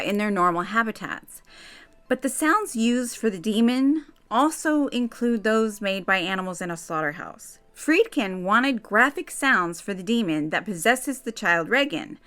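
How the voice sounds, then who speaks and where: Female host, chatty and dramatic commentary to camera, mid-pitched voice with casual asides. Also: fairly bright tone. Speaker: YouTube host.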